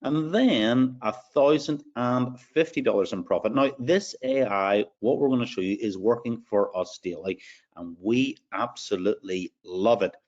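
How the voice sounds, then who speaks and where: A man's voice: mid-range voice, moderate pace, darkish tone, lo-fi sound. A man with an Irish accent hosting a live sales webinar, upbeat as he reads out attendees' names. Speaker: webinar host.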